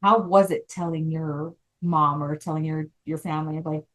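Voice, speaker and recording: A woman's voice: low-pitched, fairly even intonation, moderate pace, a bit bright. A woman in her thirties hosting a podcast, chatting casually and reacting eagerly to her guest. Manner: eager, reacts with laughs and asides. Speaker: podcast host. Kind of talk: casual chat.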